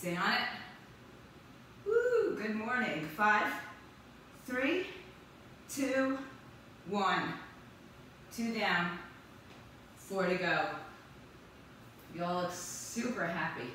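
The instructor's voice is medium-pitched and bright with a forceful tone as she runs a live workout, counting out loud and rallying the group. Her cues come brisk and upbeat, picked up by a distant mic in a strongly echoing room where faint noise lingers.

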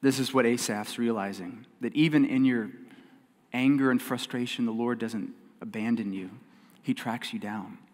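A man preaching to his congregation in an earnest, emphatic way, his voice sitting at a middling pitch. He repeats key lines and swings from loud stresses to hushed, quiet stretches. The sound carries a long reverb from the church hall around him. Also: normal speed. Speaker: pastor. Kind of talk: sermon. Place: church sanctuary.

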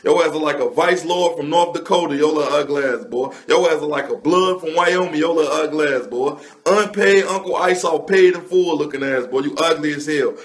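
Guy roasting someone nonstop, kinda high voice, same catchphrases over and over. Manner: rapid-fire mocking insults with repeated catchphrases. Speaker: roast comedian. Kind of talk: comedic roast monologue.

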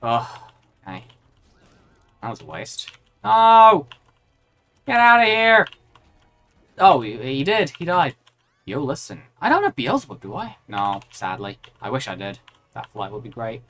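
A woman's voice: a bass voice, big pitch swings, moderate pace. A woman streaming a video game, reacting aloud and chatting with her viewers as she plays. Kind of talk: live gameplay commentary.

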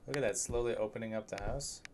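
A man's voice: lowish voice, fast talker, slight background noise. A young man streaming a horror game, chatting nervously and jokingly with his viewers at a desk microphone in a home room. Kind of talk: live gameplay commentary.

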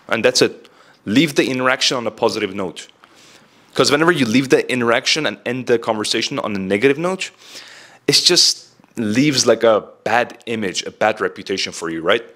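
A man's voice: mid-range voice, animated, fairly quick, fairly bright tone. A young man giving casual self-improvement advice in a direct, chatty way, saying "like" and "bro" a lot. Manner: direct, heavy use of "like" and "bro".

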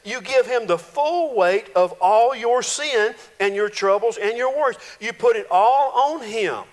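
Folksy high-voiced preacher. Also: male voice, unhurried. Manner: folksy, animated preaching with playful voiced quotes. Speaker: pastor. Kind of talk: sermon. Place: church sanctuary. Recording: reverberant church hall.

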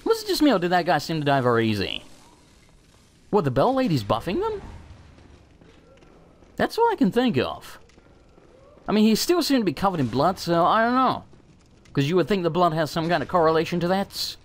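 A man giving excited gaming commentary, swearing and bursting out in panic as he plays. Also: high-pitched, normal speed, pauses often. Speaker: let's play host.

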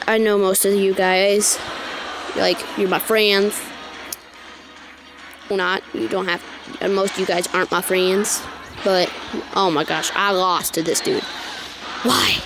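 A woman's voice: mid-range voice, fairly even intonation, slow, pauses often, over music. A woman giving casual gameplay commentary, exasperated and repeating her complaints aloud.

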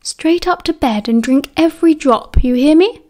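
A woman voicing a brisk, no-nonsense school nurse in an audiobook, firm but caring. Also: high voice, darkish tone, voice pushed up, natural voice.

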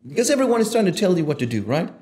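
A man speaking as a guest on a podcast, talking passionately and swearing freely, getting loud and animated when he acts out what he tells himself. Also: high voice, rapid-fire. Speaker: podcast guest, image consultant. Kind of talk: casual conversation.

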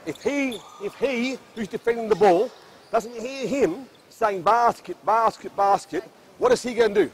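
A man's voice: very high voice, big pitch swings, measured pace, vocal fry, slight background noise. A man coaching a basketball practice on an indoor court, barking short commands and then explaining drills at length.

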